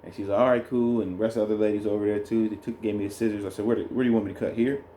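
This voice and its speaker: A man telling a birth story in a relaxed, rambling way, co-hosting a casual chat with his partner. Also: on the low side, very fast, slight background noise. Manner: rambling, animated when retelling. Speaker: co-host, new father.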